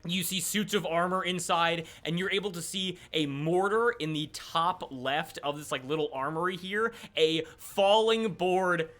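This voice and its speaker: A man's voice: sits high, unhurried, hardly any pauses, a bit bright. A young man running a tabletop game as game master, narrating animatedly with lots of "uh" fillers and restarts.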